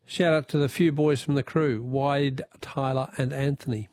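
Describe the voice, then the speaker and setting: A man's voice: mid-range voice, fairly even intonation, normal speed, darkish tone, no room sound. A man hosting a radio quiz and reading listener messages in an upbeat, jokey way. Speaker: radio host.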